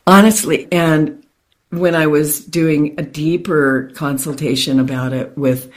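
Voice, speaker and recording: Low-voiced woman telling a personal story. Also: a little slow. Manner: animated, restarts often, acts out quotes. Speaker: guest.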